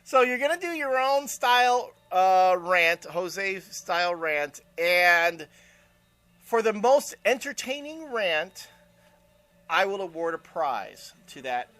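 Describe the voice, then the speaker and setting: A man's voice: high voice, very animated, slow pace, sharp tone. A man co-hosting a casual chat show, opinionated and rambling, with lots of fillers. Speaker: co-host.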